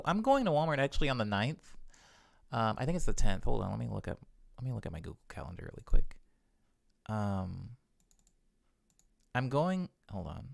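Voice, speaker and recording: A man's voice: medium pitch, very animated, moderate pace, gravelly, long pauses, no echo. A young man chatting casually while producing music in his studio, rambling and correcting himself with small laughs. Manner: rambling, chuckles between thoughts, self-correcting.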